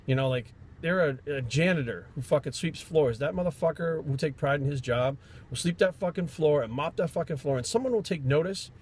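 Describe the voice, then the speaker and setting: A man's voice: on the high side, fairly quick, darkish tone, slightly rough. A man from Rhode Island, a fitness trainer, telling stories in a blunt, profane, rambling vlog rant.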